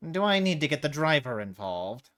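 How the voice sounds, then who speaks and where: A man's voice: on the high side, very animated, normal speed, fairly bright tone. A man voicing a haughty, entitled middle-aged businessman who sputters when annoyed. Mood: snooty.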